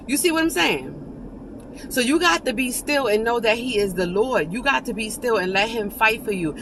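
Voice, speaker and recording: A woman's voice: fairly high pitch, big pitch swings, normal speed, background noise. A woman giving an informal devotional talk, fervent and conversational, often restarting and turning to her listeners. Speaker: preacher sharing an encouraging message with viewers.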